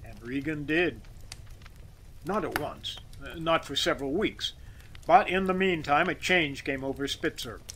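A man narrating a classic story as an audiobook reader, expressive and measured. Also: on the high side, slight background noise, low-quality recording.

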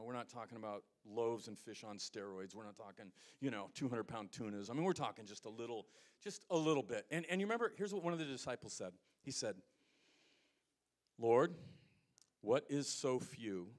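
Man, pastor, American accent, sermon, animated delivery, loud peaks and hushed asides. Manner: animated preaching, swings from loud emphasis to low asides.

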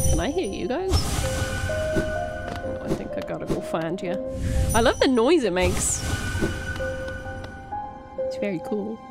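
A woman giving casual, excitable commentary as she plays a game, gasping and swearing at enemies. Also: on the high side. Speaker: gaming streamer. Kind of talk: casual let's-play commentary. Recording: game music playing behind. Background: game music.

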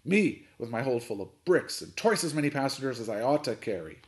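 A man's voice: mid-range voice, expressive, moderate pace, natural voice. Man doing a roaring, hot-tempered sea captain, Captain Swain. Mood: furious. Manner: roaring, bellowing shouts.

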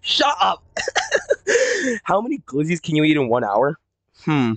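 Here a livestreamer hangs out with their audience, reading chat messages out loud at a measured pace, their medium-pitched voice swinging hugely up and down. There's lots of giggling, rambling talk, and swearing between bursts of goofy voices.

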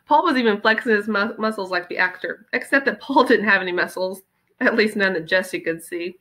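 Bright woman reading a story aloud. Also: mid-range voice, fairly quick. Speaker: teacher. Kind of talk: reading a children's novel aloud.

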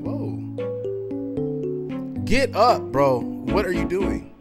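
A young man with a fairly high voice gives rowdy play-by-play of his own gaming, trash-talking and swearing constantly. His pitch jumps all over the place as he gets excited. Loud game music runs beneath his voice. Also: slow pace, pauses often. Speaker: gaming channel host. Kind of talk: casual profane gameplay commentary.

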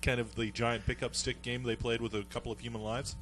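Man, from New York, casual panel chat, dark humor, faint hum. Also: mid-range voice, little pitch movement, a little fast. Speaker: show regular.

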